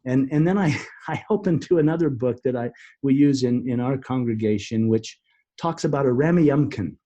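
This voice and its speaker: Earnest man with a husky voice. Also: mid-range voice, dark tone, highs cut off. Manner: earnest, halting with many restarts. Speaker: podcast guest. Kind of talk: storytelling in an interview.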